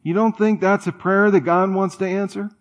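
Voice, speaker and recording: Guy preaching, chatty and animated, a bit higher pitched. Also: moderate pace. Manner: conversational, animated, with playful asides. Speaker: pastor. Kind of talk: sermon.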